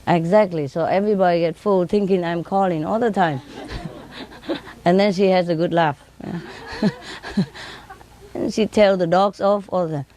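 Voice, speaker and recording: A woman telling casual stories in simple, broken English, laughing often and mimicking her birds in high sing-song tones. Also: noisy background. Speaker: speaker telling stories about her pets. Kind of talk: casual storytelling.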